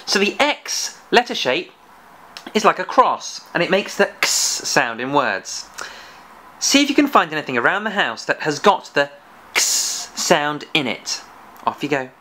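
Male kids' phonics host, animated and sing-song, slow and encouraging, playful scolding. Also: on the high side. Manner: slow and exaggerated, sounding out letters. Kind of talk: children's phonics lesson with a puppet.

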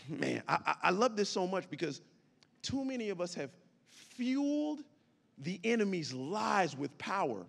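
High, lively preaching man with a gravelly edge. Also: long reverb tail. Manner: preaching with rising, shouted declarations. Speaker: pastor. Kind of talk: sermon.

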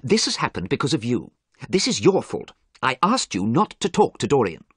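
A man voices an earnest, wounded painter in a storybook, speaking above his usual pitch. The delivery is firm and stern, slightly husky and dry. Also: big pitch swings, normal speed, fairly bright tone, dry recording. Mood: angry. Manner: earnest, stern when angry. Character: earnest, hurt male portrait painter.

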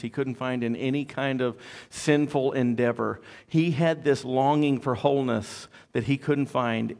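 A man's voice: medium pitch, gravelly, darkish tone. A man preaching a sermon as pastor, in a conversational storytelling way with joking asides.

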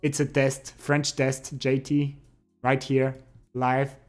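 A young adult man streams live, chatting with his viewers in an unhurried, drawn-out way. He reads their messages aloud and teases them playfully. Faint music plays quietly behind his voice. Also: medium pitch, monotone. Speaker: livestreamer. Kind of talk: casual chat with viewers.

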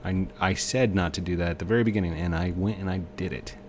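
Low-voiced man chatting over gameplay. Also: fast, a little hiss or hum. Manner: chatty, talks to himself and the game. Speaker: game video host. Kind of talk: casual gameplay commentary.

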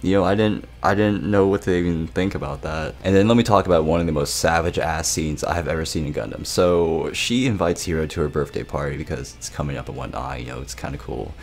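A man's voice: a bass voice, fairly quick, few pauses. A young man giving a casual anime episode review, rambling, laughing and swearing as he retells scenes.

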